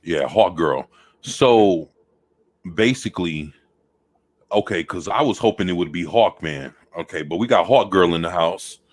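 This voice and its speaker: A man's voice: sits low, animated, measured pace. A man co-hosting a casual podcast, laid-back and greeting viewers by name. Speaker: podcast co-host. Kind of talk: casual chat.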